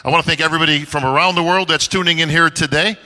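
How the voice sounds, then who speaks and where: Guy emceeing a press event, bright kinda high voice, chatty and nostalgic. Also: very fast, poor audio. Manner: reminiscing, animated emcee. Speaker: host of press conference. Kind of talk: emcee speech to audience.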